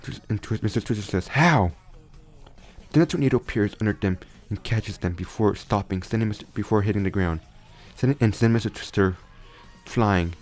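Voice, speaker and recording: A man's voice: on the low side, quick pace, darkish tone, soft background music. A young man casually retelling a fan story, rambling with frequent restarts and self-corrections.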